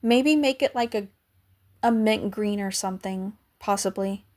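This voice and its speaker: A woman's voice: medium pitch, measured pace, a little mellow. A young adult woman hosting a casual livestream, chatting and thanking viewers by name, her voice cracking now and then. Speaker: livestream host.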